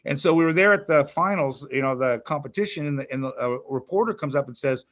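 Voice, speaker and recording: A man's voice: on the high side, quick pace, fairly bright tone, highs cut off. An older man, a grandfather and musician, chatting in an interview, rambling with restarts and stammers. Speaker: musician guest. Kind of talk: casual interview chat.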